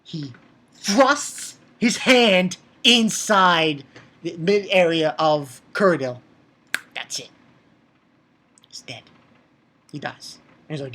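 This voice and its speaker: A man casually recapping an anime episode in an excitable way, swearing and stumbling over fillers and restarts. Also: fairly high pitch, slow pace, pauses often.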